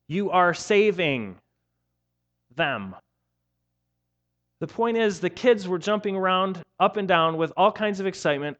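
A man preaching a sermon, telling the story in a playful, animated way with casual slang. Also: high voice, muffled recording. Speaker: pastor.

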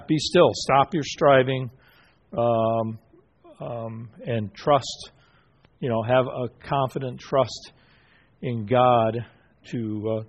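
A man teaching a Bible study group, asking questions and affirming answers, with many fillers and restarts. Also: mid-range voice. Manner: halting, with frequent fillers and restarts.

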